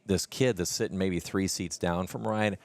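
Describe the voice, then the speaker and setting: Low-voiced laid-back man. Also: fairly even intonation, moderate pace, vocal fry, no echo. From Texas. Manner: laid-back, teasing anecdote teller. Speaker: podcast co-host. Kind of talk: casual chat.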